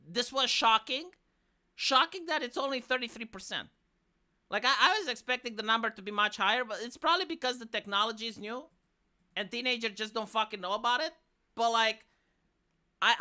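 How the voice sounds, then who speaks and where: Romanian-accented woman, live stream rant, swearing and exasperated, lively swooping delivery. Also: on the high side. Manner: profane, exasperated, animated. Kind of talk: casual commentary rant.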